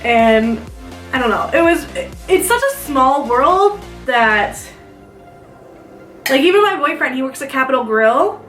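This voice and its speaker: A very animated young woman with a high, slightly bright voice speaks at a moderate pace, pausing often, a bit off-mic in an echoey room with faint music. She's a beauty vlogger from South Dakota chatting casually while doing her makeup, a rambling get-ready-with-me talk full of "like."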